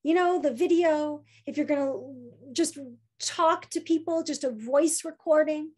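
A woman's voice: high voice, measured pace, darkish tone. A woman giving a talk as an obituary writer, telling a personal story in a chatty way with many fillers and restarts.

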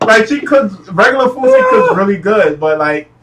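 A man telling a loud, profane story among friends on a podcast, laughing through his punchlines. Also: sits high, huge pitch swings, normal speed, distant mic. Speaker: podcast guest. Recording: heavy background noise.

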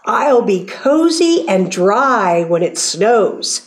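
A woman reading aloud, voicing a small, proud and stubborn male hedgehog in a slow, earnest storybook way. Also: mid-range voice, very animated. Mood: defiant.

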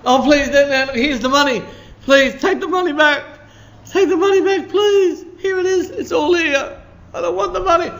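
A man voicing a terrified, pleading Judas in a high, frantic voice during a sermon. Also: moderate pace, a bit bright. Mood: desperate pleading.

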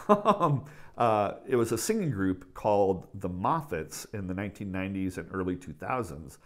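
A man's voice: sits low, big pitch swings, moderate pace. A man hosting his own autograph collecting channel, talking in an upbeat, chatty way with fillers and self-corrections. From United States. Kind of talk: casual enthusiastic vlog.

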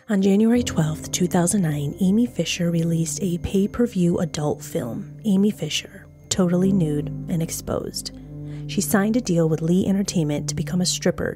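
A woman's voice: on the low side, dark tone. A woman hosting a true crime podcast, reading a scripted narration with frank, blunt, conversational asides. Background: music.

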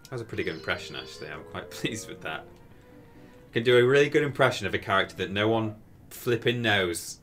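Low-voiced man streaming a game. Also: expressive, fairly quick, a bit bright, soft background music. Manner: rambling, self-amused storytelling. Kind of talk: casual gameplay commentary.

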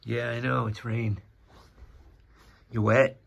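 A man's voice: medium pitch, flat delivery, slow pace, gravelly, slightly rough, highs cut off. A man filming at his mountain home, chatting and teasing his cat in a casual way. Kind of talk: casual talk to a pet. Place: rural mountain home by a fire. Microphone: handheld camera.

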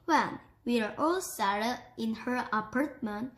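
A woman reading a children's book aloud, slow and careful. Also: fairly high pitch, a bit bright. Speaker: book reader.

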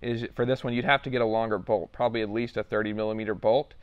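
Smooth-voiced man demoing hardware. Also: fairly low pitch, fast, lo-fi sound. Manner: relaxed, rambling with fillers. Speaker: product demo host. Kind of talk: casual product walkthrough.

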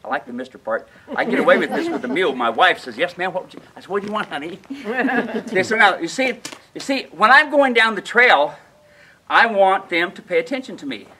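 A man with a high, bright voice teaches mule handling outdoors at a ranch. He is folksy and emphatic and keeps checking in with his listeners. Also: very animated, fairly quick, slight background noise, low-quality recording. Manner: folksy, emphatic, asks the audience questions. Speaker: mule trainer. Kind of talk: outdoor training demonstration.

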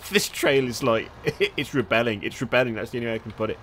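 A man's voice: mid-range voice, a little fast, background noise. A young man giving casual, sweary commentary as he struggles with a game, muttering to himself and laughing. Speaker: gamer.

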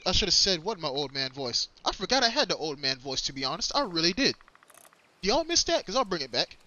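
A man livestreaming a shooter game, talking to his viewers and opponents in loose, slangy, profane commentary. His voice sits fairly high and sounds very bright and tense, and his pitch swings a lot, with lines often said twice. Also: sing-song, fast talker, highs cut off. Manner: slangy, profane, repeats his own phrases; talks straight to viewers and opponents. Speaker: livestreaming gamer. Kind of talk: casual gameplay commentary.

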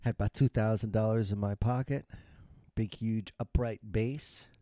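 A man's voice: fairly low pitch, steady tone, moderate pace, dark tone, no echo, studio quality. A man in his fifties, a retired musician telling his life story in a humorous, rambling and self-mocking monologue.

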